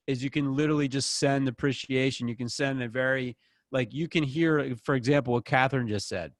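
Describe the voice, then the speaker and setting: A man's voice: mid-range voice, no echo, studio quality. Casual man coaching a group. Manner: casual, rambling, encouraging. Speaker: group session leader.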